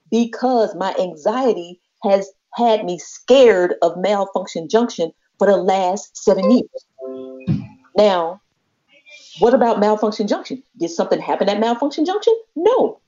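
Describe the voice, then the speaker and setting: A medium-pitched female voice, a little slow, belongs to a podcast co-host casually relating something from her own life. She's animated and imitates the voices of the people in the story; the recording is lo-fi and a bit muffled.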